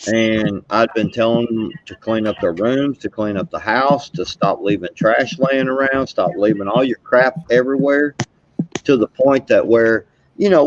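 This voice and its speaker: A man's voice: medium pitch, dull audio. A man telling a rambling, profane story in casual livestream chat, chuckling as he goes. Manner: rambling storyteller, profane, laughs while talking. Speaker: guest caller on a live stream.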